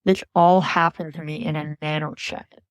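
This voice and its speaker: A woman earnestly recounting a frightening personal memory as a podcast guest, in a measured storytelling voice. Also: low voice, little pitch movement, no echo.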